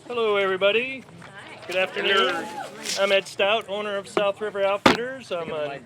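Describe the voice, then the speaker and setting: A man's voice: high voice, moderate pace, heavy background noise. A man from Florida, a local business owner, giving an earnest prepared speech at an outdoor park rally.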